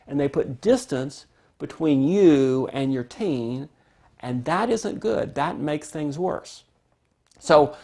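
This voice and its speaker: A man teaching a parenting lesson, calmly explaining and acting out what parents and kids say. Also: on the high side. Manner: calm, explanatory, acts out parent and child quotes. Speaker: parenting instructor.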